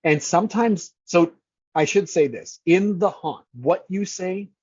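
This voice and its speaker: A man's voice: sits high, a little slow, darkish tone, breathy edge, no echo, lo-fi sound. A man who manages scare actors, talking casually and energetically in an interview, swearing freely and acting out lines.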